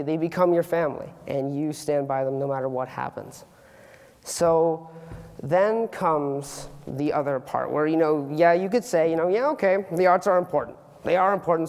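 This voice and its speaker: A teenage boy giving an earnest, animated student talk on stage, with comic asides. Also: on the high side, big-room sound. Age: teens. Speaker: student speaker. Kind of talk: youth public talk. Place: auditorium stage.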